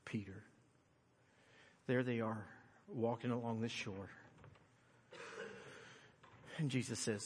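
A middle-aged man preaching a sermon, swinging from loud, high-pitched emphasis to quiet, earnest tones. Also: steady tone, moderate pace, slightly rough. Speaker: pastor. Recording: long hall reverb.

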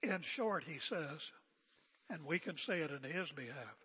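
An older man preaching a sermon as pastor, seated and speaking in a calm, conversational way with rhetorical questions. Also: fairly high pitch, measured pace, breathy edge, big-room sound. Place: church sanctuary. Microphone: seated at pulpit area mic.

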